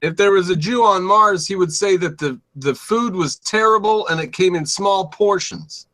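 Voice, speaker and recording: Guy with a high sharp voice, blunt and jokey, swears, just chatting. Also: normal speed. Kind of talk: casual chat.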